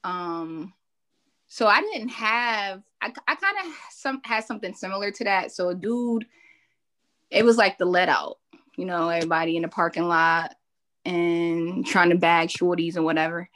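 A woman's voice: on the low side, normal speed, fairly bright tone. A woman co-hosting a podcast, telling a funny story in a casual way and laughing as she goes.

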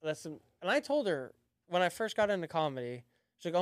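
A man's voice: high voice, sing-song, a little fast, dry recording, clean studio sound. Man telling rowdy comedy stories. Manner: profane storytelling, acts out quoted voices. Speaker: comedian guest. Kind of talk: casual podcast chat.

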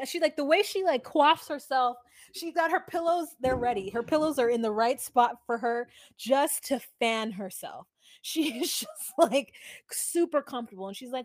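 A woman's voice: high-pitched, normal speed, dry recording, clean studio sound. A woman co-hosting a podcast, chatting casually about a reality show, laughing often and slipping into quoted voices. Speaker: podcast co-host.

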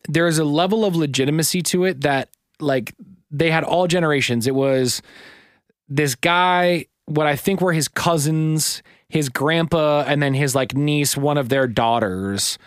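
Male podcast co-host, casual and rambling, slightly high voice, dry close sound. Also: smooth, no room sound. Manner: rambling with many fillers and likes, retells stories in voices. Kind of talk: casual chat.

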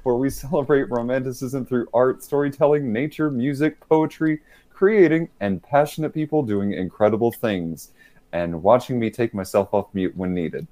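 A man's voice: mid-range voice, moderate pace, dark tone. A man hosting a podcast over a remote call, talking casually with laughs and fillers. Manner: giggly, rambling, fillers. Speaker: podcast host. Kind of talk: casual online show chat. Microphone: remote call mic.

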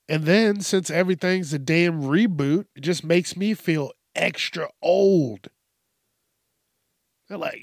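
A man's voice: on the high side, slow pace, vocal fry, dry recording, studio quality. A man hosting a casual solo podcast, ranting with lots of swearing and acting out quoted lines. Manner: profane, animated ranting with acted-out quotes. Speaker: podcast host.

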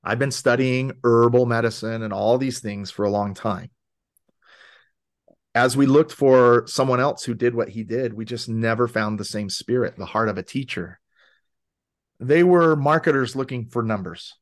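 A man as a podcast guest, telling a story in a casual, animated way and acting out quoted voices. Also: mid-range voice, moderate pace. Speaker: podcast guest, wellness advocate.

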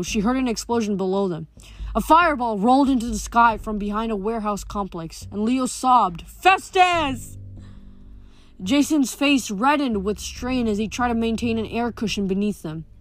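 A woman's voice: a little high, no room sound. A woman reading a novel aloud and chatting about it, often stumbling and correcting herself. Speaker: book reader.

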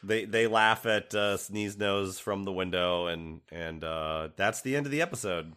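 A man's voice: deep voice, unhurried, a bit bright, clear, resonant tone. A man co-hosting a podcast from home, rambling, laughing often and trailing off mid-sentence. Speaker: podcast co-host. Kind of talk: casual chat. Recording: remote recording from home.

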